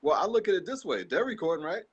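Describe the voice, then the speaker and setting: A man in a casual chat who talks in a defiant, animated way. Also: sits high, fast, husky, dull audio.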